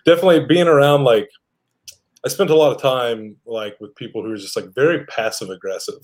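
A man's voice: mid-range voice, a little fast. A blunt man, a co-host, in casual chat who laughs often.

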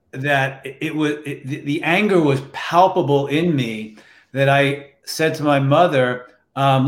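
A man telling a personal story in a slow, reflective, emotional way, with restarts, in casual conversation. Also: medium pitch. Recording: roomy echo.

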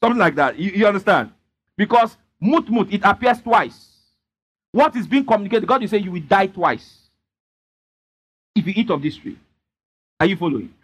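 A man preaches with a high-pitched voice. He leans hard on his points and keeps pressing the congregation to answer him back. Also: lively intonation, moderate pace, pauses often, a bit bright, slightly rough. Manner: emphatic, repeatedly prompting the congregation. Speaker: pastor. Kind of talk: sermon with call-and-response.

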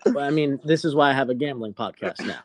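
A man's voice: medium pitch, fast. A young man hosting a podcast, telling a story in casual chat, swearing a lot. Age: young adult. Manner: profane, animated storytelling. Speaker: podcast host.

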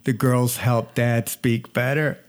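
A man with a loose Southern US accent chats casually on a family vlog. He tells long stories at a middling pitch, repeats himself, and stumbles now and then on a slight stutter. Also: level tone, takes it slowly. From North Georgia. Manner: talkative storyteller, repeats words, slight stutter. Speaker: family vlogger, father. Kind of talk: casual chat.

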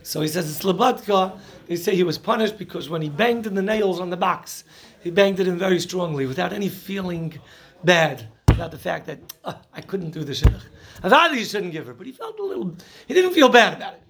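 A man's voice: high voice, a little fast, husky. A man teaching a Torah class, telling jokes and stories and mixing Hebrew and Yiddish terms into his English. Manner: animated storyteller who laughs at his own jokes.

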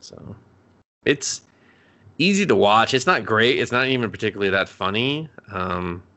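Rambling, bright-voiced podcast guy. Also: fairly low pitch, animated, moderate pace. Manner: rambling, swears a lot, acts out characters' lines mid-story. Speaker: podcast co-host. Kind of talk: casual chat recapping anime episodes.

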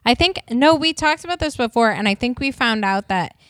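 A woman co-hosting a podcast in casual chat, chatty and quick to correct and explain. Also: on the high side, animated, a bit bright, no room sound, studio quality. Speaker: podcast co-host.

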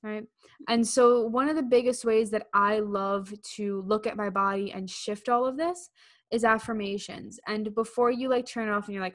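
A woman's voice: medium pitch, fairly even intonation, normal speed. A young woman co-hosting a podcast in casual chat, who keeps acting out quoted inner voices. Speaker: podcast co-host.

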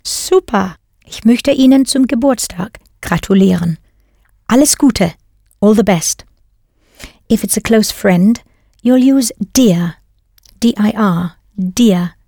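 Gravelly-voiced woman teaching a language lesson. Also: medium pitch, slow pace, pauses often, dark tone, dry recording, clean studio sound. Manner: patient, prompting the learner and then confirming the answer. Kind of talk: scripted audio lesson narration.

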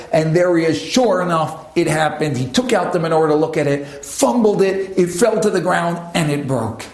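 A man's voice: a little mellow, roomy sound, rough recording. A man telling a dramatic story, acting out the voices of the people in it. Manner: dramatic, shifting pace and pitch for characters. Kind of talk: spoken storytelling with acted quotes.

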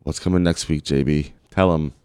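A man with a very low voice co-hosts a loose podcast. He drops in short, offhand jokes. The sound is dry and close. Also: fairly even intonation, moderate pace, dark tone, clean tone, no room sound. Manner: joking, offhand interjections. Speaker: podcast co-host. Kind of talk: casual podcast chat.

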